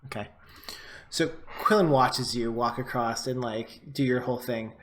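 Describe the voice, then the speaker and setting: A man narrating a tabletop game as game master in a relaxed way, with lots of fillers. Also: medium pitch, normal speed.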